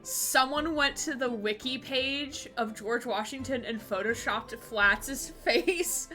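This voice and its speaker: Bright, giggly woman streamer chatting. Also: a little high, faint music behind. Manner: giggly, chatty, quick asides to chat. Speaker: Twitch streamer playing a game with a voice partner. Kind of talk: casual live-stream chat.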